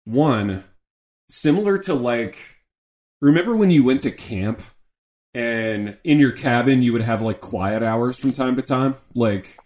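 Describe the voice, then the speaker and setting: A middle-aged man co-hosting a podcast in casual chat, animated and joking, often saying "dude". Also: medium pitch, a little slow. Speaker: podcast co-host.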